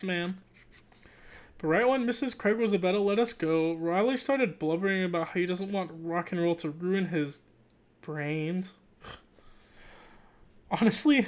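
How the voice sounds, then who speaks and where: A relaxed amateur reader works through a children's novel in one unedited take. The pitch sits in the middle range. The reader restarts stumbled words and drops into offhand comments between passages. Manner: breaks off for joking asides and self-corrections. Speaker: channel host reading aloud. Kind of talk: casual, unedited read-aloud of a children's book.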